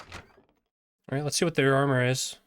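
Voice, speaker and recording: A man's voice: medium pitch, steady tone, measured pace, clear, resonant tone. A man streaming a fantasy video game, chatting casually and laughing easily as he plays. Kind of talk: casual gameplay commentary.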